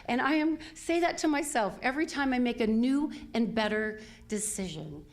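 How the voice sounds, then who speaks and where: A woman's voice: on the high side, moderate pace. An older woman minister giving a conversational, self-deprecating sermon, full of fillers and small laughs. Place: church sanctuary.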